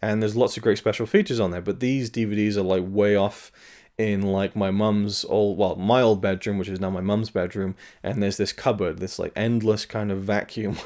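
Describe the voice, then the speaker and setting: Rambling man, lowish voice. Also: darkish tone. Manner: rambling, lots of fillers and restarts. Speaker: film podcast host. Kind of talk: casual solo commentary.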